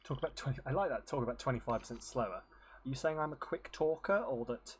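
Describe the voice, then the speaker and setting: A man streaming a game in casual chat, animated and profane, often muttering to himself. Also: medium pitch, fast, a little hiss or hum.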